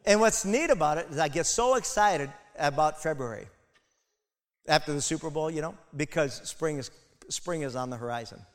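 A man's voice: fairly high pitch, lively intonation, normal speed. Impassioned male preacher in a reverberant hall. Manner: impassioned, builds to loud emphatic peaks, asides to congregation. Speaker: pastor. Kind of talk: sermon.

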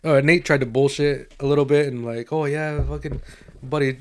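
A man's voice: mid-range voice, moderate pace, slight background noise. Foul-mouthed man telling a wild story. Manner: profane, animated, laughing through his own story. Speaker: podcast co-host. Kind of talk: casual storytelling among friends.

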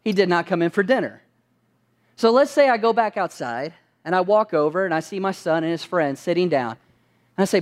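A man's voice: high-pitched, lively intonation, normal speed. A man preaching a sermon as pastor, asking his listeners rhetorical questions and answering them with emphasis.

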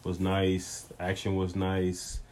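Deep-voiced man, hesitant and halting. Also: completely flat delivery, darkish tone, slight background noise. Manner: hesitant, with many ums. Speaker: podcast guest. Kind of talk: casual chat.

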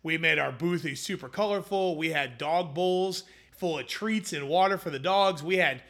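A young man with a bright, forceful tone and a slightly raised voice tells his founder's story in a casual interview. He is animated and slips into quoted voices as he goes. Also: fairly high pitch, moderate pace. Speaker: hummus company founder, guest.

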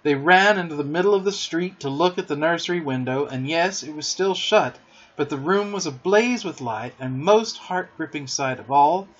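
Husky man reading a storybook aloud. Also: fairly high pitch, dull audio. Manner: gentle, expressive read-aloud. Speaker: storyteller, podcast host.

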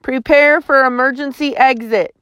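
A woman voicing an older male colonel who gives steady, clipped commands in an audiobook reading. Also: high voice, normal speed, clear, resonant tone, dry recording, muffled recording, pitched above the performer's own voice. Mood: commanding.

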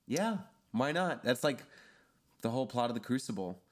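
A man's voice: medium pitch, expressive, moderate pace. A man chatting casually as a podcast guest, peppering his talk with "like". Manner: chatty, fills speech with "like". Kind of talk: casual chat.

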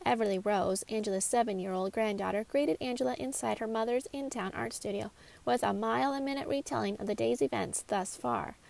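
A woman narrates her own mystery story in a measured, expressive reading. Her voice is a little high with a noticeable gravelly fry running through it.

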